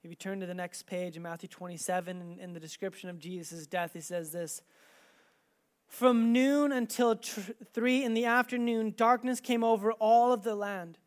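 A preacher delivers a sermon with scripture read aloud. The delivery is dramatic, building to loud, emphatic stretches and then dropping to a quiet hush. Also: medium pitch, moderate pace.

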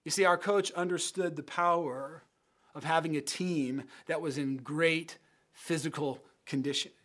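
A man's voice: on the high side, steady tone, measured pace, a bit bright. A man preaching a sermon as pastor in an earnest, emphatic way, building phrases through repetition and then leading a prayer.

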